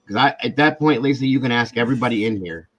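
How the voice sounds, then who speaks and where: A man's voice: medium pitch, quick pace, fairly bright tone. A man hosting a live stream, talking earnestly and emotionally in a casual chat. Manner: earnest and emotional, storytelling with quoted voices. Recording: dull lo-fi stream audio.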